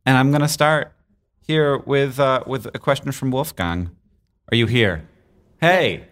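A man's voice: medium pitch, fairly bright tone. A man hosting a comedy podcast in front of a live audience, joking and asking questions. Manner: jokey, playful, quick asides. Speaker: podcast host. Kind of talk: casual live podcast chat. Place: stage before a live audience.

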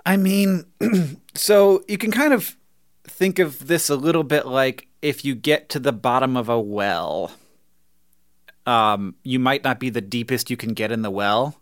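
A man's voice: mid-range voice, a bit bright, dry recording, clean studio sound. A man co-hosting a podcast, chatting casually with lots of fillers and laughs, then reading ads. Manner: rambling, filler-heavy, laughs often. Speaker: podcast co-host. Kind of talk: casual chat and ad reads.

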